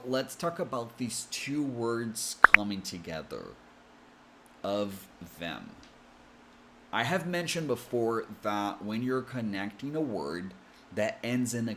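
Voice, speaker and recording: A man with an American accent, coaching English pronunciation with slow, careful explanations. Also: mid-range voice, sharp tone, slight background noise. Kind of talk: explanatory lesson.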